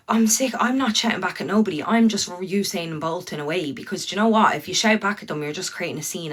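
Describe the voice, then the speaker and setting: A woman's voice: fairly low pitch, fairly bright tone. An Irish woman ranting bluntly to her viewers on a livestream, swearing freely and talking straight to them.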